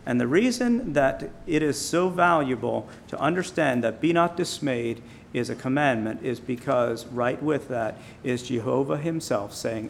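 A man preaching an informal sermon, building up loud on key phrases and dropping quiet on others. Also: mid-range voice, creaky, a little hiss or hum. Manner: emphatic, rising loud on key phrases, slowing on quiet points.

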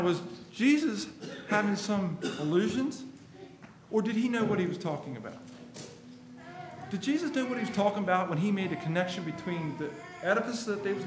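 A man with a high, emphatic voice delivers a sermon and reads scripture passages aloud. He sounds earnest throughout. The recording rings with the echo of a roomy space and carries a faint background hum. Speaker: preacher.

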